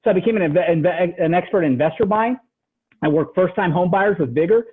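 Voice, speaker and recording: A man giving a motivational real estate training talk over a call, animated and tacking "right?" onto his points. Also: high-pitched, a little fast, slightly rough. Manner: animated, repeats "right?" after each point. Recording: tinny phone-line audio.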